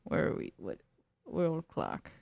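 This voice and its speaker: A woman's voice: deep voice, huge pitch swings, takes it slowly, gravelly, dull audio. A woman streamer chatting casually with her viewers, reading chat aloud and riffing on it in a laid-back way.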